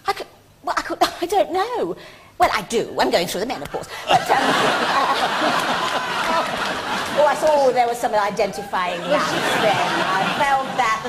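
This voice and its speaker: A woman's voice: a little high, sing-song, measured pace, a loud crowd, very noisy. A woman in her fifties, a guest on a chat show, telling self-mocking stories and laughing often.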